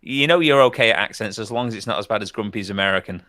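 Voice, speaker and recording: A man's voice: fairly low pitch, very fast, bright, forceful tone, no echo. A man playing a quiz, joking and confident in his guesses. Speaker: quiz contestant. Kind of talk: casual chat.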